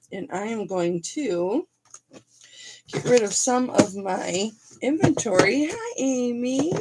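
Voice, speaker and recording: A woman hosting a casual live selling stream, hoarse and raspy, chatty and a bit raunchy as she reads off names. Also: medium pitch, background noise. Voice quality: raspy throat. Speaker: live-sale host.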